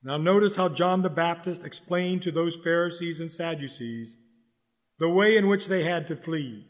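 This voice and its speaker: A man preaching a sermon in an urgent, exhorting way, repeating key lines slowly for stress. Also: on the high side, big-room sound.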